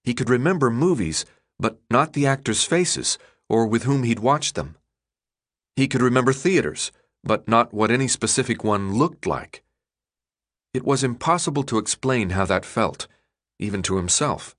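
A man narrating an audiobook in a measured, expressive storytelling voice. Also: medium pitch. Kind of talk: scripted narration.

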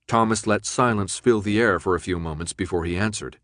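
A man narrating an audiobook in a steady, measured way. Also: lowish voice, no room sound, studio quality. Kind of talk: scripted narration.

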